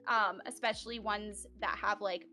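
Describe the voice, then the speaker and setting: A voice actor from Central Florida chats casually in an interview, her talk full of "like" and "um." Her medium-pitched voice has a sharp tone, fairly even intonation and normal speed, recorded on a home setup with soft music underneath.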